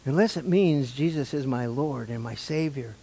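A man's voice: medium pitch, moderate pace, creaky, dark tone, husky. An older man preaching a sermon to his church, asking the congregation questions in a conversational way. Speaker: pastor. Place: church sanctuary.

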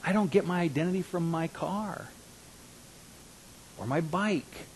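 A man in his fifties preaching a sermon as a pastor, earnest, dropping to hushed asides and rising to emphatic declarations. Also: fairly high pitch, unhurried, a little hiss or hum, low-quality recording. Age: 50s.

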